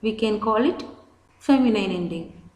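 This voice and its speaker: A woman's voice: mid-range voice, lively intonation, a little slow, a little mellow, roomy sound, slight background noise, rough recording. A woman teaching a literature lesson, patiently explaining terms and spelling words out. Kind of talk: slow explanatory lecture.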